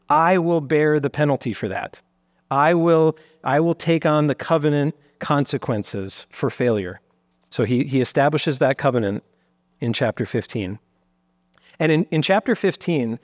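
A man's voice: a little high, dry recording, clean studio sound. A man pastor preaching an earnest, teaching sermon, at times voicing God in the first person to make his point. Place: church sanctuary.

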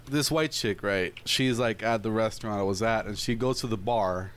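A young man telling a rambling story in casual chat with friends, full of fillers and shrill impressions of other people. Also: normal speed, fairly bright tone, slight background noise.

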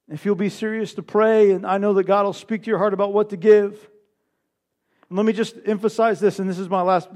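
High-voiced man preaching a sermon. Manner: impassioned preaching, swings from loud to hushed. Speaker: pastor.

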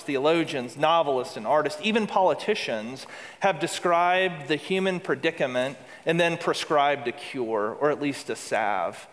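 Man, pastor, sermon, earnest, repeats phrases for emphasis, slightly high voice, long reverb.

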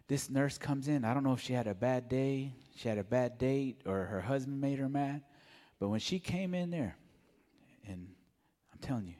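A man giving a mellow, soft-spoken personal testimony at church. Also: medium pitch, long reverb tail. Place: church sanctuary.

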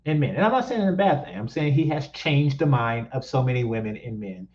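A man's voice: mid-range voice, expressive, fairly quick, a little mellow, lo-fi sound. A man from East Oakland ranting as he reacts to clips, blunt and mocking, repeating his points for emphasis. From East Oakland, California. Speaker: commentary host reacting to clips.

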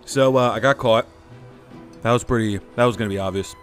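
A man's voice: mid-range voice, brisk, faint music behind. A man playing a tabletop game, cracking crude joking asides. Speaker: player. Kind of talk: tabletop role-play banter.

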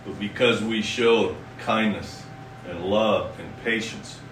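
Male pastor, folksy sermon delivery, bright tone, miked from a distance in a reverberant room. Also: lowish voice, fairly even intonation, a little hiss or hum. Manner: folksy, reads scripture slowly and emphatically.

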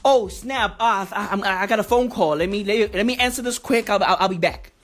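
A woman's voice: medium pitch, brisk, voice pushed down, natural voice. A woman doing a stammering guy faking excuses. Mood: sheepish. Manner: stammering excuses, repeating words. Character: flustered young man dodging the bill.

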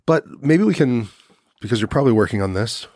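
A man's voice: medium pitch, animated, a little fast, a little mellow, no room sound, clean studio sound. A man hosting an interview, asking thoughtful questions and rephrasing as he goes. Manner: thoughtful, searching, rephrases as he asks. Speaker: podcast host.

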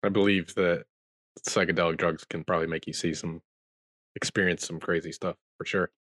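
A man's voice: sits low, little pitch movement, a little fast, a bit bright, no room sound, studio quality. A man chatting on a podcast, giving brief, skeptical replies and questions. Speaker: podcast co-host. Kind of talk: casual chat.

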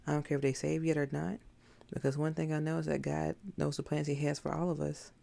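A woman's voice: deep voice, little pitch movement, fairly quick, creaky, warm tone. A woman giving an informal sermon in a blunt, emphatic, conversational way with rhetorical questions. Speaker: preacher.

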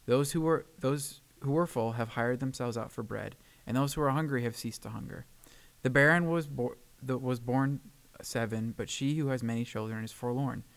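A man's voice: mid-range voice, moderate pace, creaky, low-quality recording. A man co-hosting a podcast, reading a Bible passage aloud and then reflecting on it in an earnest way, with a few stumbles and fillers. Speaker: podcast co-host.

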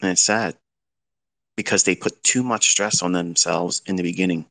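A man's voice: low-pitched, steady tone, normal speed, gravelly, fairly bright tone. A middle-aged man lecturing as a trading mentor, giving blunt fatherly advice with rhetorical questions. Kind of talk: lecture-style talk.

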